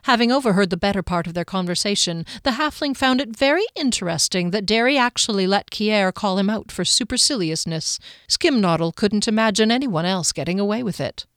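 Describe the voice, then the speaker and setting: A woman reading a fantasy novel aloud in measured scripted narration, lightly voicing the characters. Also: medium pitch, animated, a bit bright, dry recording, clean studio sound. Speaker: audiobook narrator.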